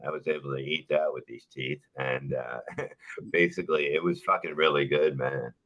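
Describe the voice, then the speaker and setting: A man's voice: rumbling low, steady tone, moderate pace, a bit bright. A man co-hosting a comedy podcast, telling rambling stories with heavy swearing. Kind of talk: casual storytelling.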